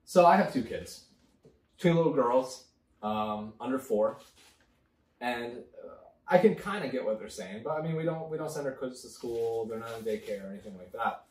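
A man's voice: medium pitch, animated, moderate pace, a little mellow, echoey room, recorded from a distance, low-quality recording. A man co-hosting a casual drinking chat, ranting and swearing as he talks. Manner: profane, ranting. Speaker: podcast co-host.

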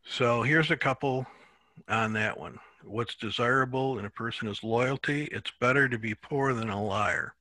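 A man teaching a Bible class in a relaxed, halting way, often repeating words as he thinks. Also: mid-range voice, dry recording.

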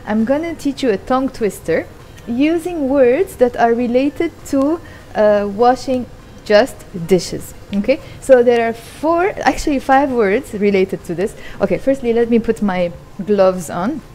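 Mellow-voiced woman teaching at her kitchen sink. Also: fairly high pitch, lively intonation, a little hiss or hum. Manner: patient, repeats words slowly and explains each one. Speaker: language teacher. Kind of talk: casual vlog lesson.

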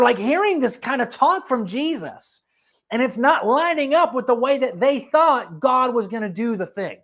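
A preacher giving a sermon in a conversational, animated way, with asides and direct questions to the listeners. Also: medium pitch. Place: church.

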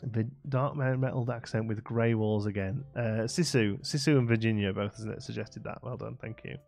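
Gravelly-voiced man streaming late at night. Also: lowish voice, fairly even intonation, normal speed, darkish tone, faint music behind. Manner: chatty, thinks aloud, laughs often. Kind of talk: late-night live game stream chatting with viewers.

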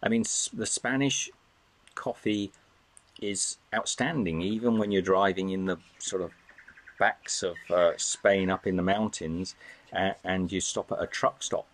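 A man from England with an English accent softened by years in Australia, hosting a casual livestream and answering viewers in a rambling, halting way. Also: low voice. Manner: rambling, halting, many restarts and fillers. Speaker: livestream host.

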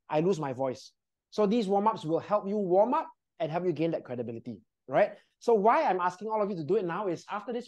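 A woman's voice: medium pitch, darkish tone. A woman leading a live presentation workshop, giving upbeat instructions and often checking in with the group. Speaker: voice and presentation trainer. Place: training room with a group.

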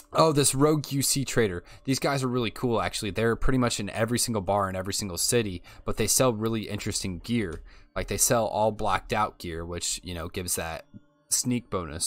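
A man's voice: fairly low pitch, fairly bright tone. Chatty young man playing a game. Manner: chatty, thinking aloud with fillers. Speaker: let's play host. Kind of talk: casual gameplay commentary.

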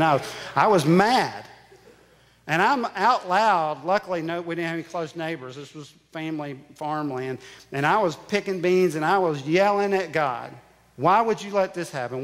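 A male pastor preaching a sermon, telling a personal story with emphatic repetition. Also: on the high side. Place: church sanctuary. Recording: church sanctuary with long reverb.

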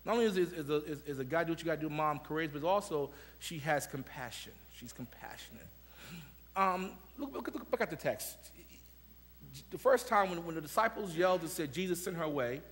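A man preaching a sermon as pastor to his congregation, swelling into impassioned shouts and calling out to the listeners with repeated words. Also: fairly high pitch. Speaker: senior pastor. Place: church sanctuary. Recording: long church hall reverb.

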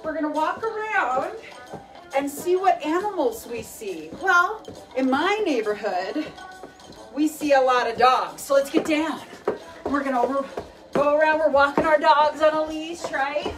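A young woman with a high voice leads a playful animal workout, chatty and encouraging. She sounds a little distant from the microphone. Faint music plays underneath. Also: expressive, unhurried. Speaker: fitness instructor. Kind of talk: leading a kids' animal workout.

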